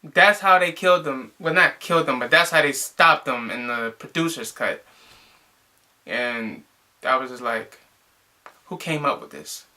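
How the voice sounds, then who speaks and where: A man's voice: medium pitch, unhurried, sharp tone. A young man casually reviewing a movie, rambling and exasperated, with lots of filler words.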